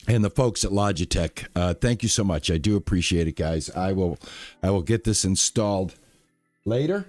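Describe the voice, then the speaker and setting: A man chatting casually on a live stream, relaxed and thankful, with lots of fillers and restarts. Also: low voice, moderate pace, no room sound, soft background music.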